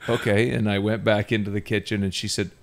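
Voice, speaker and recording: Low-voiced man telling a story. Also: fast, gravelly. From Ontario, Canada. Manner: animated, self-mocking, laughs often while telling. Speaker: podcast host. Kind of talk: casual storytelling.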